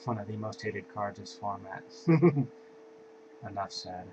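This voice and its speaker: A man's voice: on the low side, flat delivery, unhurried. A man casually walking through his card game deck in an offhand, laid-back way, with sighs and yawns between cards. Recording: dull lo-fi home recording with faint hiss.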